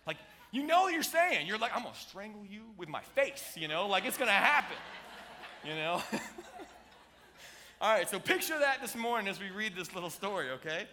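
Middle-aged male pastor, slightly high bright voice, playful animated sermon delivery in a church. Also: moderate pace, long pauses, a little hiss or hum. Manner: animated, playful, jokey preaching with audience asides. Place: church sanctuary.

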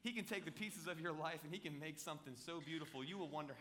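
Bright-voiced man preaching a casual sermon. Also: fairly high pitch, fast, a little hiss or hum. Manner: conversational, joking, animated with props. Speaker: pastor.

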